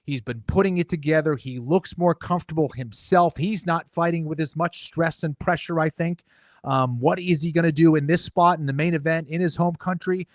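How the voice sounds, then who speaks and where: A man giving measured fight picks as a podcast co-host, with "you know" and "um" fillers. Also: fairly high pitch, dry recording, clean studio sound. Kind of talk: casual podcast analysis.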